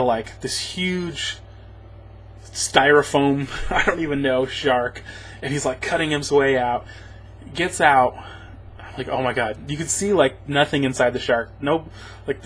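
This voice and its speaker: A man's voice: medium pitch, fairly bright tone, slight background noise. A man giving a rambling, sarcastic spoken movie review, chuckling as he goes. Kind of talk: casual spoken film review.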